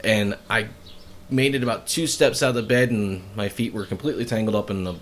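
A middle-aged man in casual group conversation, telling stories with lively acted-out quotes. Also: lowish voice, a little fast, a little hiss or hum. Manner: animated storyteller, acts out shouting quotes. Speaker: storyteller in group chat. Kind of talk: casual chat.

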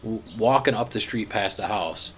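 Middle-aged man, lowish voice, rambling casual chat, faint hiss. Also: a bit bright. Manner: rambling, halting with restarts.

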